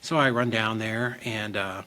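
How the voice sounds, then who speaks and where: A middle-aged man, a real estate investor guest on a podcast, telling stories in an animated, expressive way and acting out quotes. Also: lowish voice, measured pace. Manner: animated, expressive storyteller who acts out quotes. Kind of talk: casual podcast storytelling.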